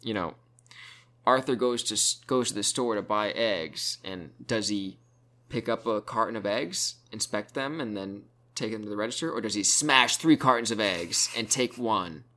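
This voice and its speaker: A man's voice: lowish voice, animated, moderate pace, sharp tone. A young man co-hosting a casual gaming chat, making wry, dry asides. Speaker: podcast co-host.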